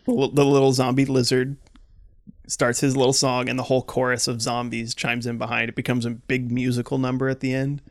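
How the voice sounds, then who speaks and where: A man co-hosting a comedy podcast, riffing with rambling, playful deadpan banter into a close mic. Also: medium pitch, fairly quick, no room sound.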